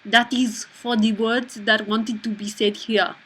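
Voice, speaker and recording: A woman doing a slow, deliberate mock French accent for a blunt, dismissive man she reads out. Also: a little high, flat delivery, fairly bright tone, breathy edge.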